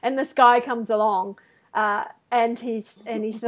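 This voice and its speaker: A woman's voice: fairly high pitch, normal speed. Chatty woman telling stories. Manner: animated anecdotes with acted-out quotes and self-deprecating laughs. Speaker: podcast co-host. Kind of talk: casual conversation, storytelling.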